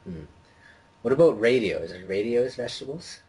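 A laid-back young man co-hosting a casual game chat, wry and relaxed. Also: mid-range voice, normal speed, breathy edge, low-quality recording. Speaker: co-host.

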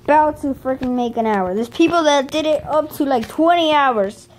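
A woman's voice: high-pitched, normal speed. A woman giving casual gameplay commentary as a channel host, frustrated and exclaiming at the game as she plays.

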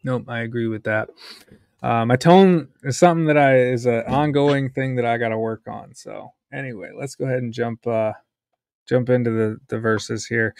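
A man with a New York accent hosting a casual bible study podcast, reading scripture aloud and talking it over in a blunt, forceful way. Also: medium pitch, fairly even intonation, moderate pace, creaky, no echo, studio quality.

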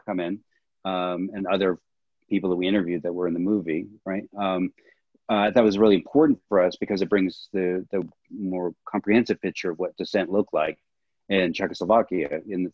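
A man with a very low voice explains his filmmaking choices as a director and historian, earnest and thorough. The sound is dry and dull, like a lo-fi call. He speaks in plain conversational sentences. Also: fairly even intonation, normal speed, dry recording. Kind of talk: casual interview answers.

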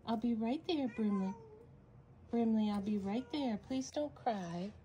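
A woman vlogging from a room at home full of kittens, her voice warm and soft-edged. She talks unhurriedly, mostly to the cats themselves, in a fond, coaxing tone that sometimes sinks to a whisper. A faint hiss of noise sits under the recording. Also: a little high, a little slow, muffled recording. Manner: coaxing, doting baby-talk to the cats, at times hushed to a whisper. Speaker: cat rescuer filming her foster cats. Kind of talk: casual vlog narration, talking to her cats.

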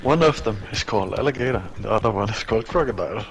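Low-voiced man muttering to himself. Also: animated, very fast, vocal fry, a little hiss or hum. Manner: muttering to himself, reading words aloud. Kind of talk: muttered asides.

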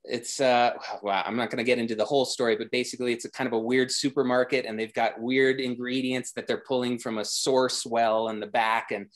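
A man talking as a guest designer in a casual interview, rambling with many restarts and growing enthusiastic. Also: mid-range voice.

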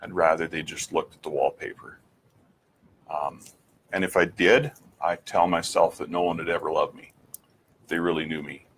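A man giving an earnest personal faith testimony, reflective, with frequent pauses and restarts, asking the listener direct questions. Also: low voice, fairly even intonation, a bit bright, a little hiss or hum. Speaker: speaker sharing his faith testimony.

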